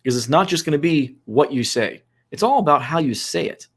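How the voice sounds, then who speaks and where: A man's voice: on the high side, lively intonation, a little fast, husky. A man co-hosting a casual podcast discussion, giving instructive advice with frequent fillers. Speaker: co-host.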